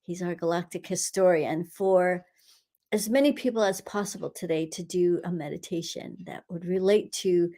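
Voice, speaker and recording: A woman hosting a live session as an energy healer, guiding a meditation in an unhurried way with frequent soft laughs and the odd whisper. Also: on the low side. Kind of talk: guided energy-clearing meditation.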